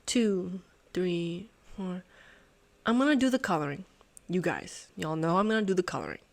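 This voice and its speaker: An excitable woman works through a puzzle out loud, talking to herself and her viewers. Her pitch swings up and down a lot, and she swears and laughs in disbelief. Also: moderate pace, vocal fry. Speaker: host solving a sudoku puzzle. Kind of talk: thinking aloud while solving a puzzle.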